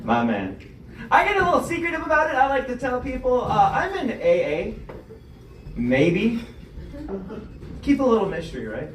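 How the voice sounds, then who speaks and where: Man doing stand-up, high lively voice, swooping pitch, echoey club room, heard from a little off-mic. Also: normal speed, long pauses, distant mic, a little hiss or hum. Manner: animated, self-deprecating storytelling with acted quotes. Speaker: stand-up comedian hosting the show. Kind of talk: stand-up comedy set. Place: comedy club stage.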